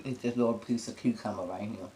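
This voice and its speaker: A woman's voice: extremely low pitch, steady tone, fast talker, background noise. A woman hosting a seafood eating show, chewing between short remarks, humming with enjoyment and talking straight to her viewers. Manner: addresses viewers directly and teasingly. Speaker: mukbang host.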